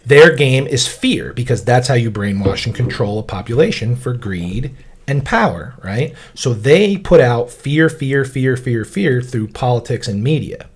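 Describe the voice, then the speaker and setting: A man's voice: medium pitch, animated, measured pace, slightly rough. A man co-hosting a podcast in casual chat, emphatic and swearing freely, stretching words for stress. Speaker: podcast co-host.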